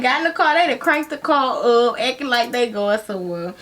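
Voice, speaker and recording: A woman's voice: high voice, normal speed, few pauses, background noise. A young adult woman telling a dramatic storytime on her vlog in casual, slangy talk, often addressing viewers directly. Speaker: vlogger.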